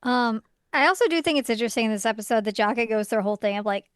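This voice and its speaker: Woman cohost tossing in quick comments, clear voice, a bit high, dry close mic. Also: lively intonation, dry recording. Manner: chimes in with short reactions and laughs. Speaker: podcast co-host. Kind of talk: casual chat.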